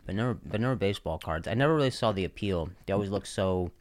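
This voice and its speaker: A man as a podcast guest, talking casually in a halting, rambling way that keeps correcting itself. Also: low-pitched, animated, darkish tone. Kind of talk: casual comedic chat.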